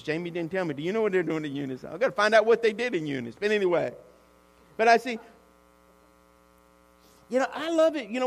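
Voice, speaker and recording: High-voiced animated preacher. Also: male voice, long reverb tail. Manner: animated, conversational, calls out to the congregation. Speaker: pastor. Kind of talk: sermon.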